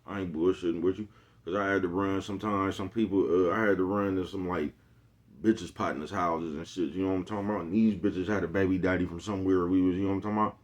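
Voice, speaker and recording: A middle-aged man with a low, deep voice talks straight to his viewers. His delivery is laid-back and full of street slang. He keeps throwing in asides to his listeners as he goes. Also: steady tone, fast. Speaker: vlogger. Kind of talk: casual monologue to viewers.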